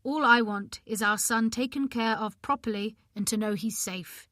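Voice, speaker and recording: A woman narrator voicing a weary young husband who speaks in a flat, cool, firm tone. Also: fairly high pitch, moderate pace, no echo, clean studio sound.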